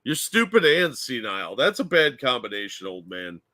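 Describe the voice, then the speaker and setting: A man's voice: mid-range voice, sing-song, moderate pace, sharp tone, no room sound. A man co-hosting a casual political chat, blunt and mocking in tone. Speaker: co-host.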